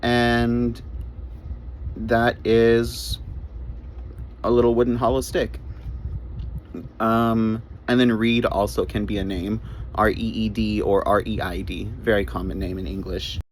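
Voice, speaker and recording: A man's voice: lowish voice, flat delivery, slow pace, long pauses, slight background noise, rough recording. A man giving short English grammar lessons, spelling words out letter by letter and repeating his key points. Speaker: English teacher.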